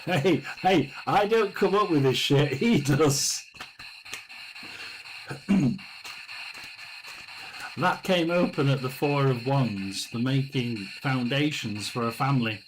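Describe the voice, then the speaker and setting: A man reads tarot on a live stream, thinking out loud in an unhurried, drawn-out way and often pausing to clear his throat. His voice sits at an ordinary middle pitch, with a clear hiss of noise running underneath. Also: poor audio. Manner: musing, talks to himself, frequent throat clearing. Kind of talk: live tarot and spirit session chat. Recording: steady background noise.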